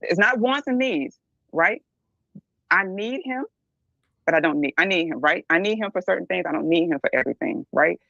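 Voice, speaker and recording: The dull, dry recording carries a middle-aged woman's lowish, creaky voice with a fairly bright tone. As a podcast guest in a candid discussion, she speaks bluntly and emphatically, often checking in with "right?".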